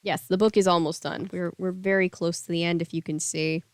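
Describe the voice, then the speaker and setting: A woman's voice: lowish voice, fairly even intonation, brisk, no echo. A woman hosting a casual read-aloud, breaking off into rambling, chatty asides full of fillers. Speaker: book reading host.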